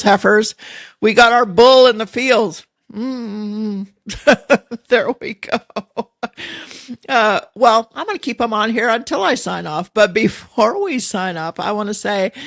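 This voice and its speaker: A woman's voice: mid-range voice, dry recording, studio quality. A middle-aged woman hosting a podcast, chatting in a folksy, rambling way and laughing often. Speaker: podcast host. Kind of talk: casual rambling monologue.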